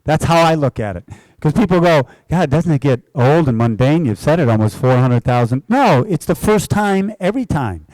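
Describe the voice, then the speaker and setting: A man's voice: a little high, normal speed, dry recording, low-quality recording. An older man, a race announcer, telling stories to a club audience and acting out the dialogue as he goes. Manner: animated storyteller acting out both sides of dialogue. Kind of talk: storytelling talk. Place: indoor club event.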